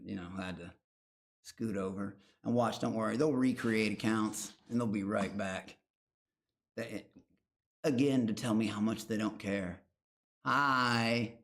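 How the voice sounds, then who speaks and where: A man's voice: on the low side, unhurried, a bit bright. A man streaming live and reacting to a show. He rambles, swears heavily and taunts his chat. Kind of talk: casual livestream commentary.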